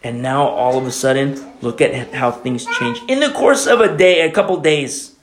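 A man's voice: on the high side, lively intonation, moderate pace, hardly any pauses, reverberant. A man preaching a sermon as pastor, with emphatic, repetitive, conversational delivery. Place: church.

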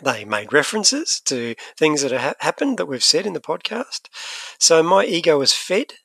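Lively man chatting on a podcast. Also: fairly high pitch, normal speed, gravelly, breathy edge, no echo. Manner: animated, chatty, restarts often. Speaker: podcast co-host. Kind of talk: casual chat.

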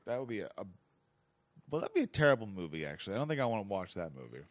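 A male comedian guesting on a podcast, chatting casually with crude jokes and quick mock accents. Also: lowish voice, big pitch swings, no room sound. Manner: crude, jokey, slips into mock British voices. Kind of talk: casual chat.

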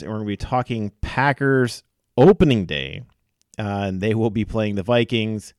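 A man's voice: lowish voice, moderate pace, darkish tone, no echo, clean studio sound, soft background music. A man hosting a casual sports podcast, joking and chatty with restarts and fillers. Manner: jokey, self-deprecating, fillers and restarts. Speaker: podcast host. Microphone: podcast mic.

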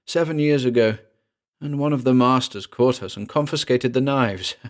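A man's voice: medium pitch, normal speed, pitched above the performer's own voice, lightly acted. A man reading aloud, voicing a frightened young man whose voice rises and trembles. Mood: rapid, agitated. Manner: urgent, voice rising and trembling.

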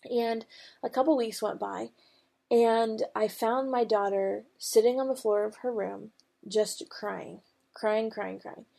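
A middle-aged woman speaks as host of a devotional podcast, with a gravelly rasp running through her voice. She moves from scripture into a personal story in an earnest, conversational way, with plenty of everyday fillers. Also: on the high side, steady tone, slow pace, mellow.

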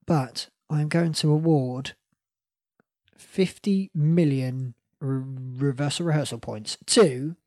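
A woman hosting a casual podcast game, playful and quick to laugh. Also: deep voice, dark tone, no echo, studio quality. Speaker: podcast host.

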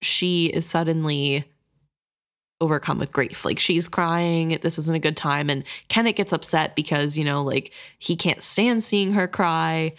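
A woman with a notably low voice discusses a novel in a casual podcast chat. She weighs each character's motives in a thoughtful, conversational way. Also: unhurried, clean tone.

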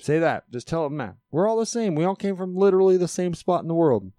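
A man's voice: high-pitched, lively intonation, fast talker, dark tone, no echo. A man co-hosting a podcast in casual chat, rambling and profane, often repeating words as he builds a point. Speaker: podcast co-host.

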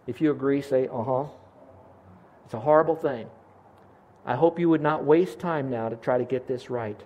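A man's voice: mid-range voice, moderate pace, mellow. A middle-aged man preaching a sermon as a pastor, earnest and asking his congregation questions.

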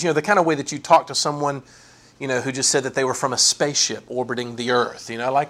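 A man preaching a sermon, animated and folksy, acting out sarcastic quotes. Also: mid-range voice, quick pace. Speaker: pastor.

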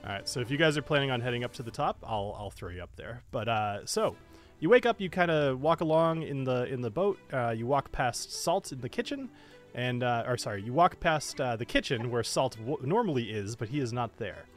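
A man's voice: mid-range voice, expressive, a little fast, soft background music. A man narrating as game master, casual with frequent fillers and restarts.

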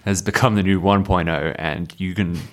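A man's voice: sits low, steady tone, moderate pace. A man co-hosting an anime podcast, making dry, wry remarks in casual chat. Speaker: podcast co-host.

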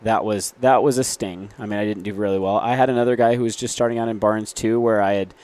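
Casting: easygoing low-voiced man, chatty guest, rambling anecdotes full of fillers. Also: fairly even intonation, fast talker, a little mellow. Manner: rambling, self-correcting, many fillers. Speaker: guest, reclaimed wood business owner. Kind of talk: casual interview storytelling.

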